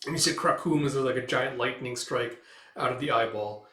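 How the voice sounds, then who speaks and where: A man's voice: medium pitch, brisk, pushed and bright, echoey room. A man reading through a comic book aloud in a casual, loose way, paraphrasing the dialogue with fillers.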